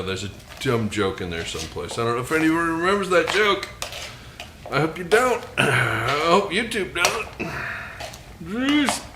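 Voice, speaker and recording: A man's voice: medium pitch, echoey room, background noise. A man hosting a casual cooking demonstration, chatty, with self-deprecating asides. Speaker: cooking show host. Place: outdoor grill and home kitchen.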